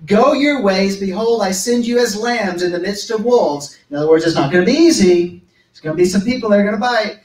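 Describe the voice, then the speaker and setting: Guy preaching a sermon, fairly high voice, reads scripture then jumps in with emphatic asides, echoey church room, mic a bit far. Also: brisk, a little mellow. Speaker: pastor. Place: church service hall.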